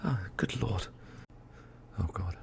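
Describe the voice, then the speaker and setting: Man, whispered ASMR outtakes, close mic, low gravelly voice, slow and self-mocking. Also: expressive, slight background noise. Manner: self-deprecating, giggly, whispering between normal speech. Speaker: ASMR storyteller.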